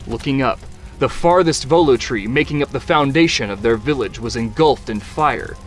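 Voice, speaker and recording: Male narrator, mid-pitched, steady, descriptive storytelling read. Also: soft background music. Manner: measured and descriptive. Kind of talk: scripted audiobook narration.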